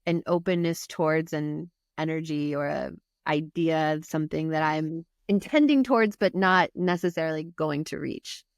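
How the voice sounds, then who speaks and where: Soft-spoken low-voiced woman host. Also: normal speed, hardly any pauses, no room sound, clean studio sound. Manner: soft, affirming, curious. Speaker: podcast host. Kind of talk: interview conversation.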